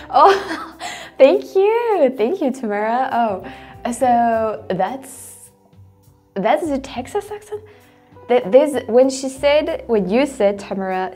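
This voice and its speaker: A woman's voice: fairly high pitch, dark tone. A woman with a French accent, a native French speaker hosting a casual reaction video, chatting, laughing often and restarting her sentences. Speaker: host.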